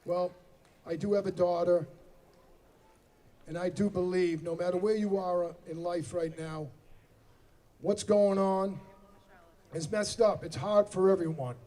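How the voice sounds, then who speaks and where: On an outdoor amphitheater stage, a forty-something singer-songwriter from around Boston fills the gaps between songs with self-deprecating banter in his local accent. His voice is high and dark-toned with fairly even intonation, a little slow with long pauses. The audio is distant PA sound with music.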